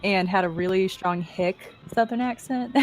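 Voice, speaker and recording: A woman's voice: mid-range voice, takes it slowly, a little mellow. A woman from Tennessee chatting casually as a podcast guest, giggly and loose, trailing off into fillers. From Tennessee, United States. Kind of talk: casual group chat.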